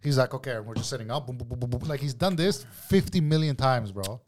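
A man telling a story in casual podcast chat, animated, swearing and saying bro a lot. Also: mid-range voice, fast, soft background music.

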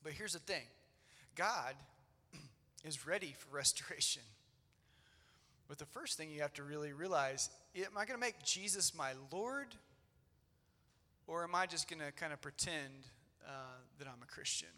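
A man's voice: on the high side, expressive, a little slow, pauses often, bright, forceful tone. A man in his thirties preaching a sermon in an old church, earnest and conversational with loose fillers. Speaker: pastor. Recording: long church-hall reverb.

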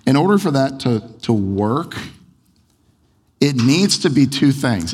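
A man's voice: medium pitch, very animated, takes it slowly, long pauses, a little mellow, slightly rough, long reverb tail. A man preaching a sermon in a conversational way, firing off a chain of rhetorical questions. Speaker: pastor.

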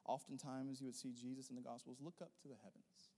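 A man preaching a sermon as a pastor, rising into loud emphatic bursts and then dropping into softer, quieter teaching. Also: mid-range voice, little pitch movement, fast talker, big-room sound.

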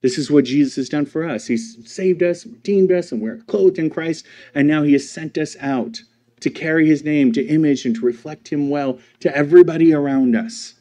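A pastor delivers a sermon in a voice that sits a little high for a man. He preaches emphatically and keeps asking the congregation rhetorical questions. He moves between loud, stressed lines and slow, quiet ones.

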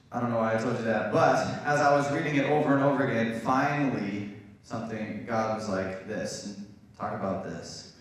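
A man's voice: mid-range voice, far from the mic. A man preaching a casual, chatty sermon as pastor, speaking to his congregation with friendly asides. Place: church hall. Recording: very echoey church room, voice from off-mic.

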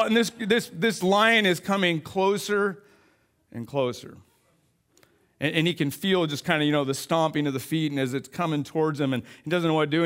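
A young adult man, a pastor, telling a comic story in an animated sermon. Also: sits high, clear, resonant tone.

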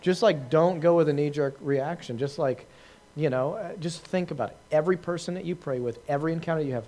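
A preacher answering questions gives an informal talk to a group, telling a story conversationally with lots of fillers and restarts and laughing at himself. His voice is a little high and dark in tone, and he speaks briskly with hardly any pauses.

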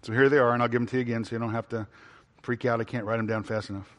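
Man preaching a sermon, mid-pitched. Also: level tone, very fast, in a large hall. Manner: asks the congregation questions and answers them himself; repeats phrases for emphasis, with frequent fillers. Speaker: pastor.

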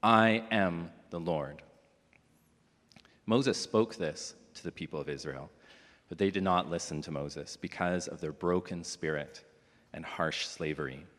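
A man reading a Bible passage aloud in church, in a measured, solemn delivery. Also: extremely low pitch. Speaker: scripture reader. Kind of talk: formal scripture reading. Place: church hall. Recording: long reverb of a church hall.

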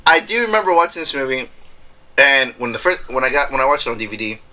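A man chatting casually about a movie, retelling scenes with quick voice impressions and bursts of laughter. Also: medium pitch, sing-song, sharp tone, rough recording. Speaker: podcast co-host.

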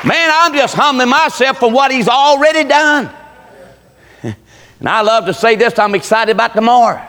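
A man preaching a sermon, telling folksy stories in plain dialect and rising to shouts. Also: extremely high pitch, expressive, normal speed, in a large hall, a faint crowd.

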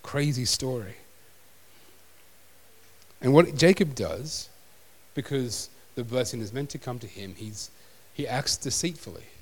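A man's voice: mid-range voice, animated, a little slow, pauses often, husky. A man preaching a sermon as pastor, conversational and self-deprecating. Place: church hall. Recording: long hall reverb.

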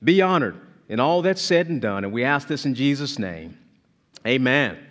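A man preaching a sermon as pastor, emphatic and animated, repeating key phrases. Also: mid-range voice, normal speed.

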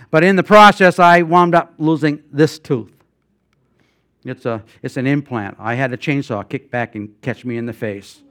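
An older man preaches as a guest pastor, spinning homespun stories full of fillers and false starts. His smooth, slightly high voice rises into loud emphatic passages and drops to quiet asides. The sound is dry and close. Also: no room sound. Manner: folksy storytelling with many fillers and restarts. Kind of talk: sermon.

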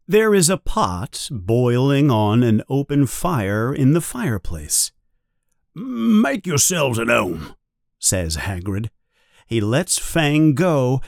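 A man narrating a storybook in a measured, expressive reading. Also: medium pitch, no echo, clean studio sound.

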